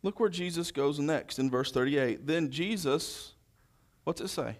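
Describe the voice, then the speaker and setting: A man preaching a sermon, reading scripture verse by verse and then expounding, moving between loud proclamation and hushed quiet. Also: a little high, a little slow.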